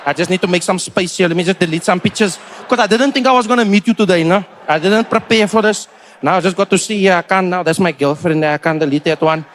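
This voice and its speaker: A man voicing an excitable young Cape Town fan with a Cape Town accent, talking loudly and insistently. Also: fast, slight background noise. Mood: bossy. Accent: Cape Town English. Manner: loud, insistent, high-pitched and bossy.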